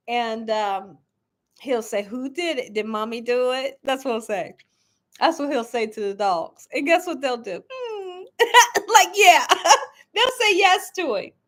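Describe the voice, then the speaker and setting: A high-pitched woman chats casually on a live stream, telling her viewers little stories and laughing often. She talks in a playful, easygoing way, like she's hanging out with friends online. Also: a bit bright. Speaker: live-stream cooking channel host.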